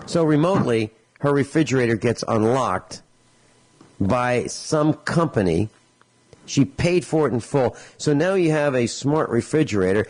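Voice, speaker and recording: Animated man telling exasperated stories. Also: medium pitch, unhurried. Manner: animated storytelling, acts out both sides of conversations; exasperated, sarcastic. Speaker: radio show host. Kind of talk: talk radio commentary.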